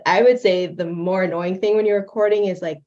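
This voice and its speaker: A young woman talks through her animation setup in a loose, chatty way, full of fillers and quick laughs. Her voice sits a little low and comes over a dull, lo-fi call line. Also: steady tone, a little mellow, a little hiss or hum. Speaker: guest creator demonstrating animation software. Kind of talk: casual livestream chat. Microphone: video call.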